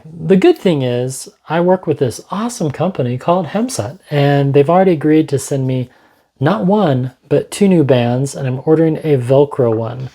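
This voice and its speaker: Laid-back guy unboxing tech in his studio, mellow voice, chatty and jokey. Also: on the high side, slight background noise. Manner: chatty, joking asides, thinks aloud. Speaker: tech reviewer. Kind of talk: casual unboxing vlog. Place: home studio.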